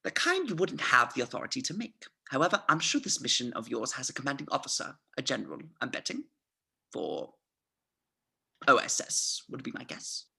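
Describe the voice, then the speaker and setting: A script reader voicing a cunning, smooth-talking male SS colonel in a theatrical, mock-polite way, swinging between hushed and loud. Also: medium pitch, big pitch swings, brisk, heavily acted. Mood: scheming. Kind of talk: amateur script reading.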